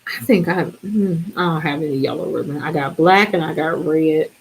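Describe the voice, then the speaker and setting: Tired lady vlogger rambling along, lowish voice, keeps trailing off. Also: moderate pace, rough recording. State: exhausted, yawning. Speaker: DIY vlogger. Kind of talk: casual chat.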